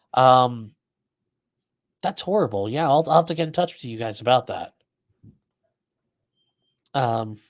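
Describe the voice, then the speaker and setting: At an ordinary middle pitch, a man hosts a live commentary stream about a trial. He reads chat questions aloud and answers off the cuff, blunt, chatty and freely profane.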